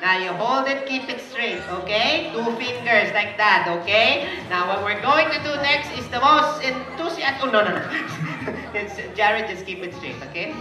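A woman's voice: fairly high pitch, expressive, normal speed. A woman with a Filipino accent working as a party magician, playfully teasing and coaxing the children through her tricks. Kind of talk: live kids' party magic show. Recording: echoey party hall, far from mic, music and crowd.

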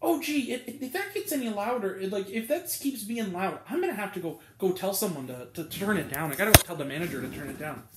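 Man doing a whiny older lady at the movies, high and fretful, roomy echo. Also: animated, quick pace, few pauses, a little hiss or hum. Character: fussy older woman moviegoer complaining about noise.

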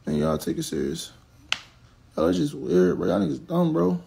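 Young dude venting on his live, high gravelly voice, cussing out commenters. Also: big pitch swings, moderate pace, warm tone, slight background noise. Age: 20s. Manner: blunt, profane, ranting at commenters. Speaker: social media personality on a livestream. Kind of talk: venting on a livestream.

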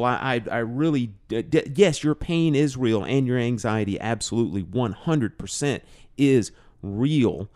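A man, a guest on a podcast, telling a personal story in a casual, animated way and filling it with "you know". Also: mid-range voice, moderate pace, few pauses. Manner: animated storyteller, acts out quoted dialogue, many "you know"s. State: emotional, choked up. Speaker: podcast guest, drum teacher.

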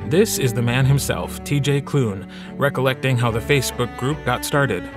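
Male podcast host narrating over soft music. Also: mid-range voice, normal speed. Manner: clear, explanatory linking narration. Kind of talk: scripted narration.

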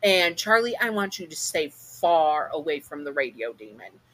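A woman's voice: deep voice, sing-song, normal speed, fairly bright tone, exaggerated voice, rough recording. A woman voicing a blunt, protective queen mother in a storytelling video.

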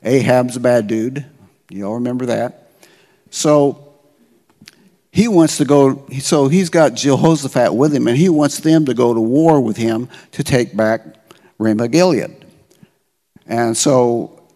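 A man's voice: mid-range voice, dark tone. A middle-aged man preaching as a pastor, retelling a story in casual, slangy words and often checking in with "okay?". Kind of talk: conversational sermon storytelling. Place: church sanctuary. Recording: long church-hall reverb.

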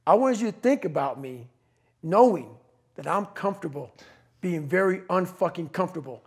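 A middle-aged man on a podcast, giving a blunt, profane, forceful motivational talk. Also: high-pitched, animated, moderate pace, husky. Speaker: podcast guest.

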